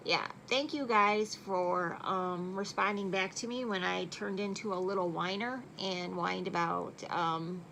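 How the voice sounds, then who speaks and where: A woman's voice: fairly low pitch, steady tone, unhurried, gravelly, few pauses, bright, forceful tone, slight background noise, poor audio. A middle-aged woman chatting casually through a makeup tutorial at home at night, joking at her own expense. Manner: chatty and self-deprecating. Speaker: makeup vlogger.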